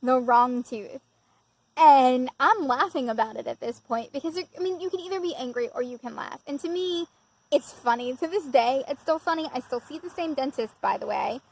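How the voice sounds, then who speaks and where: A woman with a high, bright-sounding voice tells a personal story in a chatty, self-mocking way, laughing often. She is talking straight to her viewers from somewhere outdoors. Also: normal speed, slight background noise, rough recording. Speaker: vlogger. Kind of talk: casual storytelling.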